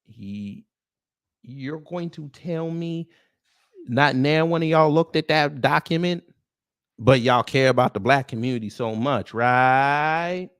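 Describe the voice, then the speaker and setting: A man's voice: mid-range voice, slow, a bit bright, clean tone, no echo, studio quality. A man hosting a live-stream commentary show, answering his chat in a sarcastic, mocking and confrontational way. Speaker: host of a news commentary livestream.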